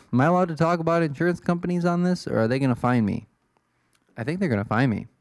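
A man's voice: medium pitch, a little mellow, dry recording, clean studio sound. Rambling self-deprecating young man. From Illinois, USA. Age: 20s. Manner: self-deprecating, swears, wanders off topic. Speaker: podcast host. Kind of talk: casual rambling monologue.

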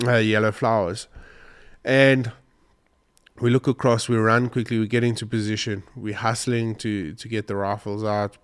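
His voice sits on the low side, clear and resonant. Choked up and sniffling, the man vlogger wanders emotionally through a hunting story told casually to camera, repeatedly restarting his sentences.

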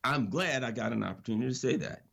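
A man's voice: medium pitch, fast, creaky, fairly bright tone, breathy edge. A man giving impassioned political commentary on radio, preacherly and emphatic, with repeated phrases.

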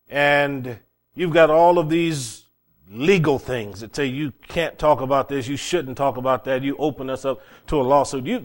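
Preacher man swinging loud and soft. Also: on the high side. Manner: dramatic, swings from shouted to hushed; rhetorical questions to the congregation. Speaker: pastor. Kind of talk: sermon.

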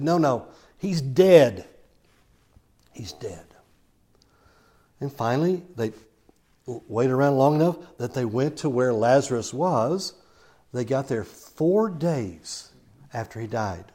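A man's voice: mid-range voice, warm tone. A man preaching a sermon, telling a Bible story and acting out the quoted lines as he goes.

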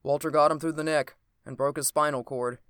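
A reader voicing a male Secret Service agent who speaks sharply and briskly, recorded dry and close. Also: medium pitch, fairly even intonation, smooth, dry recording, close to an everyday voice. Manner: sharp, terse.

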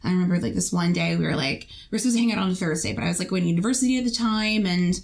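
A young woman from Canada, a podcast co-host, telling a personal story in casual chat with halting, rambling speech. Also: lowish voice, vocal fry.

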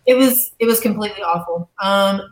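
Profane, animated woman telling a wild story. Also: mid-range voice, a little fast. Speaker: guest. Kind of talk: casual storytelling interview. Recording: echoey room.

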